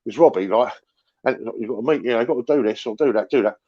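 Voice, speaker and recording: A man's voice: mid-range voice, fast talker, muffled recording. A middle-aged man, rambling and swearing as he chats about football on a fan livestream. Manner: rambling, repeats himself, swears. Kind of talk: casual livestream chat.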